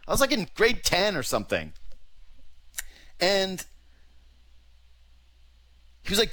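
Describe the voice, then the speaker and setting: Bright-voiced, ranting sports talk host. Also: male voice, high voice, very animated, takes it slowly, pauses often, dry recording. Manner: ranting, exasperated, swears casually. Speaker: sports radio podcast host.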